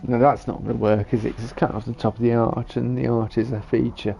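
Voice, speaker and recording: A man's voice: medium pitch, level tone, fast, creaky, dark tone, faint music behind. A tired man giving casual commentary on a game he is streaming from home, muttering to himself as he builds. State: tired, yawning.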